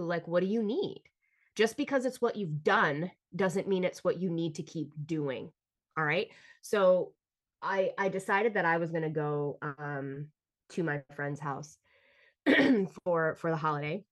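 Blunt woman telling stories, slightly low voice. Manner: blunt and profane, animated, talks straight to listeners. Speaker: podcast host. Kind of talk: candid solo storytelling.

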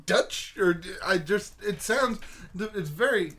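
A man's voice: high-pitched, expressive, takes it slowly, a bit bright. A man co-hosting a crude comedy podcast, joking and laughing through his lines. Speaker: podcast co-host.

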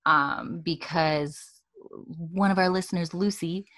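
A woman's voice: on the low side, fairly even intonation, takes it slowly, a bit bright. A woman co-hosting a casual podcast, animatedly retelling a TV episode and acting out its dialogue, full of "like" and "um". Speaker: podcast co-host recapping a TV episode. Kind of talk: casual chat.

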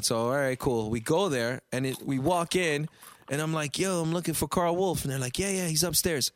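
A man telling a story in casual podcast chat, animated and profane, acting out the voices of the people in it. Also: fairly high pitch, fairly quick, dry recording. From Canada. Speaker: guest storyteller.

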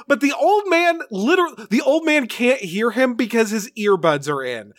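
A man's voice: very high-pitched, expressive, moderate pace, a bit bright, no room sound. A man co-hosting a podcast, giving a casual, sarcastic, profane recap of a TV episode and laughing often. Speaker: podcast co-host.

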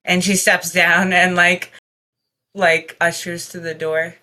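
Bright-voiced woman tabletop player. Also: lowish voice, level tone, takes it slowly. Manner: chatty, narrates her character in third person. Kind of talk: casual tabletop game play.

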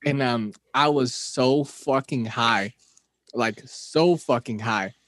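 A man's voice: medium pitch, slow pace, fairly bright tone, dry recording. Young man rambling on a dry mic. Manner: rambling, laughing, frequent restarts. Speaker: podcast co-host. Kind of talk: casual storytelling chat.

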